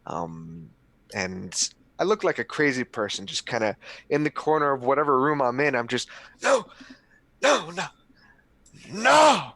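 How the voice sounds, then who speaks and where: A man playing a tabletop roleplaying game, describing his vampire character's actions in a halting, hesitant way with many restarts. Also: mid-range voice, a bit bright, dry recording. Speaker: tabletop player.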